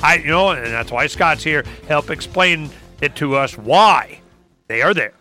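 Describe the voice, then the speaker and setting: A man hosting a casual political talk show, rambling and sarcastic with animated asides. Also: a little high, unhurried, soft background music. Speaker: host.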